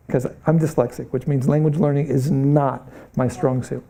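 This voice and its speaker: A middle-aged man lecturing a Bible college class on missions, earnest and animated, often stopping to ask the room questions. His voice sits a little high but is deeply mellow and warm. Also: normal speed, vocal fry.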